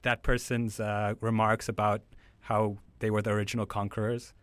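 A man's voice: fairly low pitch, flat delivery, moderate pace, no echo. A man from South Africa asking interview questions politely and with some hesitation.

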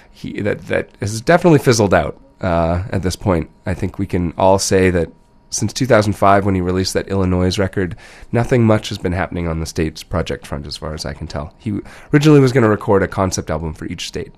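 A man with a cold chats loosely between records as a radio DJ, his stuffed-up voice nasal and a touch low. There is a gravelly fry running under his words, and he meanders and corrects himself as he goes. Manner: loose, rambling, self-correcting. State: has a cold. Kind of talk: casual radio chat between songs.

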